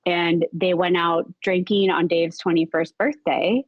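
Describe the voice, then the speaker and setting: A woman guest on a podcast telling a story in a casual, animated way, jumping up in pitch when she acts out what people said and swearing now and then. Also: measured pace, no echo. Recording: dull lo-fi recording.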